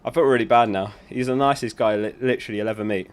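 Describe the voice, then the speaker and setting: Talking fast in a clean, medium-pitched voice, a young man runs a casual livestream from home. He's talkative and giggles often as he addresses his viewers.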